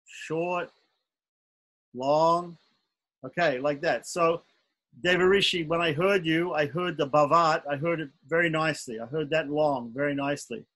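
A man's voice: on the high side, a bit bright, rough recording. Patient man teaching chanting syllables. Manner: patient, corrects himself often, spells out syllable lengths. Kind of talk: online chanting lesson.

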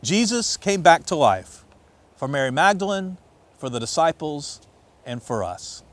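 Pastor guy giving a sermon, kinda high voice that bounces all over, storyteller vibe. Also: unhurried. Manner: expressive storytelling, swings between loud and hushed. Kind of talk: sermon with scripture reading.

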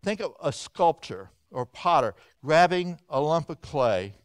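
A male pastor lectures in a folksy, animated way, rising loud and then dropping to a hush. His voice sits high for a man and comes through smooth and clear. He speaks in a church hall. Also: measured pace. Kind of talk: evening Bible lecture.

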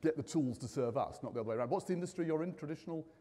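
A fairly high-voiced man races through his lines as host of a live conference, his voice reverberating in a large hall. He jokes, chats, and quizzes the audience in a lively way.

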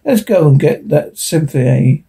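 A man's voice: on the high side, expressive, a little slow, vocal fry, dark tone, husky, full character voice. A man reading the part of a blunt, hard-driving male planter on a frontier world, speaking in a stern, commanding way. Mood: scornful.

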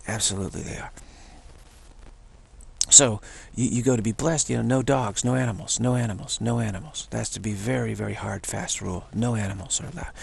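A spiritual teacher speaks briskly from home in a self-taped recording, his voice on the low side with fairly even intonation, vocal fry and a slight roughness. His casual monologue rambles and repeats, punctuated by chuckles.

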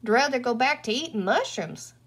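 A woman's voice: on the high side, lively intonation, normal speed, slightly rough. Woman doing a cackling withered old green woman. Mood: gossipy gleeful. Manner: folksy cowboy drawl, cackling. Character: dry withered little old green woman, gleeful villain.

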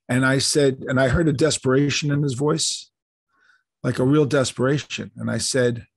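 A man's voice: mid-range voice, moderate pace, creaky, no room sound. An older man, a guest on an interview show, telling a story animatedly and acting out the dialogue. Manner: animated, acts out quoted dialogue.

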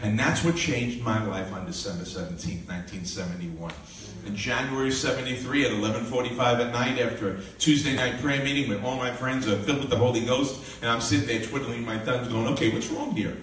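A man's voice: mid-range voice, brisk, hardly any pauses. Older man telling his testimony, echoey. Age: 60s. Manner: animated storyteller, acts out dialogue, laughs often. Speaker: minister. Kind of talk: testimony storytelling. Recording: echoey room, voice from a distance.

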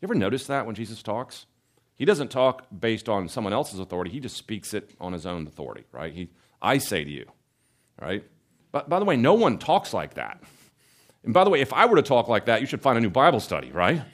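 A man's voice: fairly low pitch, quick pace. A man teaching a Bible study in a conversational lecture, asking rhetorical questions and often checking in with "right?". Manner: animated, asks rhetorical questions, adds "right?" tags.

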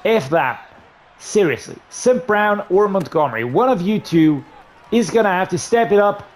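A man giving gameplay commentary on a football video game, muttering low between plays and breaking into loud, frustrated outbursts. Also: lively intonation, normal speed. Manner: frustrated, ranting and swearing at the game. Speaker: gaming YouTuber.

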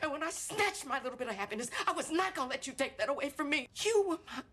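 A woman's voice: sits high, expressive, fast, bright, forceful tone. A frightened, wounded young mother. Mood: bitter. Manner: anxious, pleading, tearful.

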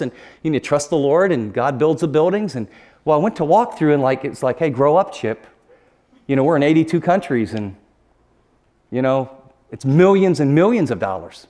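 A middle-aged man preaching a sermon, earnest and confessional, dropping to a hushed near-whisper at emotional moments. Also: fairly high pitch.

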